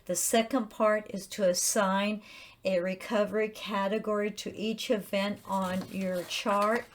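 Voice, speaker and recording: A middle-aged woman, a chaplain, gently explaining grief recovery homework with personal examples. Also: mid-range voice, level tone, measured pace, slight background noise. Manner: gentle and earnest, reading out sample statements. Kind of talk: instructional talk with personal examples.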